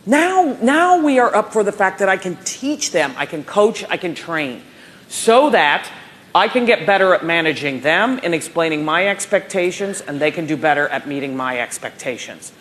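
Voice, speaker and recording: A woman's voice: on the low side, big pitch swings, moderate pace, a bit bright. A woman in her forties giving a motivational keynote at a professional conference, telling stories and acting out dialogue. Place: conference hall stage.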